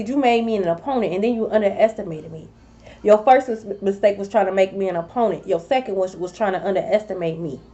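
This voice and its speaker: A woman's voice: medium pitch, warm tone, muffled recording. A woman tarot reader scolding her rivals in a sassy, profane vlog monologue. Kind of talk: confrontational spiritual vlog monologue.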